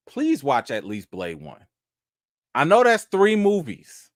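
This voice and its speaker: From his home, a man runs a live chat stream, teasing and animated, lurching from loud fake indignation down to a low mumble. His casual, slangy bursts are full of restarts, delivered at a slow pace. The audio is dry, close to the mic, and echo-free.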